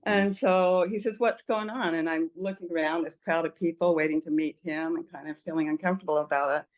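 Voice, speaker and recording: Earnest older woman, low voice. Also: steady tone, fast. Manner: earnest, emotional storytelling with frequent laughs. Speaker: interview guest. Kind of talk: personal testimony in conversation.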